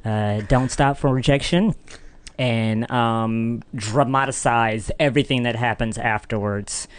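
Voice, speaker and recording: Animated young man telling a story. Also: slow, smooth, no echo. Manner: animated, acts out voices in a high dramatic pitch. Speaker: podcast guest. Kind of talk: casual storytelling.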